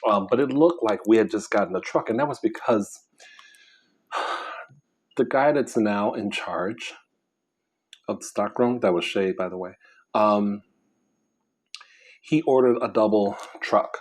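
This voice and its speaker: A man vlogging casually while he eats, rambling and pausing mid-sentence as he chews. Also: on the low side. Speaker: mukbang vlogger. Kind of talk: casual chat while eating.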